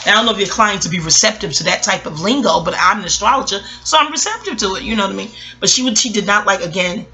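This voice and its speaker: A woman speaking off the cuff in a casual reflective monologue, her voice bright and forward. She wanders through digressions and doubles back to her point. She speaks bluntly and swears freely. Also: medium pitch, animated, quick pace. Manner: rambling, digressive, blunt with profanity. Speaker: astrologer.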